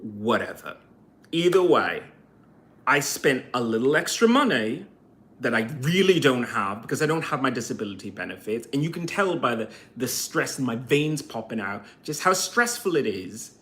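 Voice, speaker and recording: A man's voice: mid-range voice, big pitch swings, normal speed, a bit bright. A man vlogging a heated, profane rant to camera, full of sarcastic rhetorical questions. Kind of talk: ranting monologue to camera.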